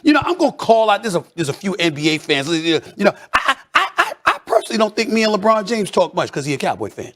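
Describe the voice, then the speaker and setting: A man with a high voice holds forth on a sports debate show. He rants with loud, theatrical mock outrage, and his pitch leaps all over the place. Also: huge pitch swings, fast talker, few pauses.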